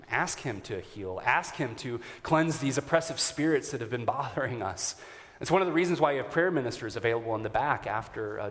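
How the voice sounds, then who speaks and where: A man preaches to his congregation as their pastor, earnest and warm, his voice sitting at a middle pitch. He stumbles now and then with fillers and small restarts. His words ring out with the long reverb of a church hall. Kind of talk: sermon. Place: church sanctuary.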